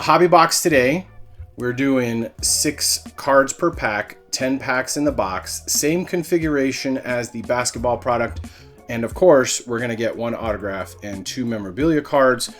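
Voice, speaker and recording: Male host, easygoing unboxing patter, average pitch, light music bed. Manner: relaxed, rambling, with fillers and self-corrections. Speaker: card-breaking channel host. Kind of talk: casual unboxing vlog.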